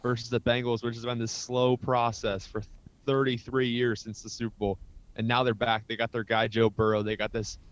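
A man's voice: mid-range voice, flat delivery, moderate pace. A man co-hosting a podcast, telling stories in casual sports chat with enthusiastic rambling energy. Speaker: podcast co-host. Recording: dull lo-fi sound.

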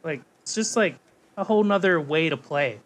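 Man with a Hawaiian accent, co-host, higher voice, loose rambling delivery full of fillers. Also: normal speed. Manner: rambling, lots of "like" and "um", animated storytelling. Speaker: podcast co-host. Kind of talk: casual chat.

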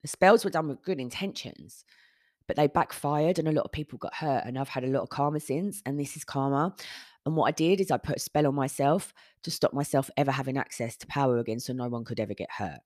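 A woman's voice: extremely low pitch, quick pace, darkish tone, dry recording, clean studio sound. A woman, hosting a podcast and telling a personal story in a candid manner, often swearing and retelling conversations. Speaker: podcast host.

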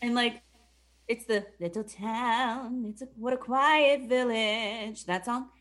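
A young woman casually retelling a movie plot for a comedy podcast. She swears a lot and keeps dropping into quick mock voices for the characters. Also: on the high side. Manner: profane, animated, does mock voices for the characters.

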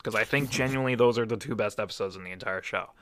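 A man co-hosting a casual podcast, speaking in quick, emotional bursts. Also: on the low side, a bit bright, a little hiss or hum. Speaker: podcast co-host. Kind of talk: casual chat.

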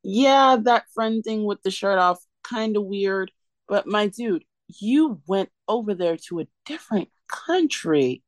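A woman's voice: medium pitch, animated, unhurried, dry recording. A woman co-hosting a podcast, ranting sarcastically and emphatically in a casual recap chat. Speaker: podcast co-host.

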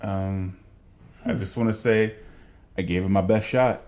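A man on a casual podcast chat who gives brief, low-key replies. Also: measured pace, a little mellow.

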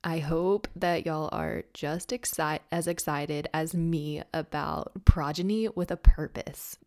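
Young woman, low-pitched and slightly raspy, upbeat chatty podcast host. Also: a little mellow. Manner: bubbly, chatty, encouraging. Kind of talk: casual faith podcast talk.

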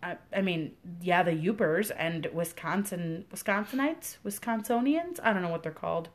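A woman's voice: fairly low pitch, expressive, normal speed. A young Midwestern woman co-hosting a podcast, chatting casually and enthusiastically with plenty of fillers. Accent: Midwestern American. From American Midwest. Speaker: podcast co-host. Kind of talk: casual chat.

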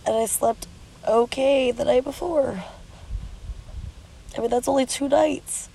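On a beach, a woman shares a candid confessional vlog while exhausted from no sleep, crying a little with a stuffy nose and rambling bluntly, swearing as she goes. Her high-pitched voice is creaky and warm, a little slow. It's a low-quality recording.

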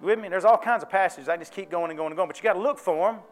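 A pastor with a high, bright-sitting voice delivers a folksy, conversational sermon in church. He keeps asking the congregation if they follow him. A faint instrument plays softly underneath. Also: racing, soft background music. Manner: folksy, conversational preaching with call-and-response questions.

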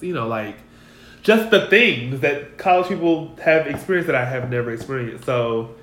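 A blunt, profanity-prone co-host chatting casually on a podcast, with a wry delivery. The room gives a clear echo, and a faint ambient hum sits underneath. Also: mid-range voice, lively intonation, normal speed, a bit bright. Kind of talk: casual chat.

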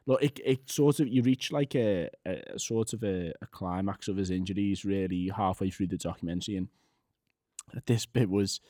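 A man co-hosting a casual chat, animated and quick to laugh. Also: sits low, no echo, studio quality. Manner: animated, laughs often, many fillers and restarts.

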